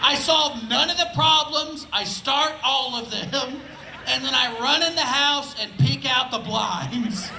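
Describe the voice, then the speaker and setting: A man's voice: very high-pitched, slow pace, creaky, pushed and bright, reverberant, a little hiss or hum, poor audio. A man from Indianapolis doing laid-back, conversational stand-up on an outdoor festival stage, often asking "right?". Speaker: stand-up comedian. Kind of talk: live stand-up comedy.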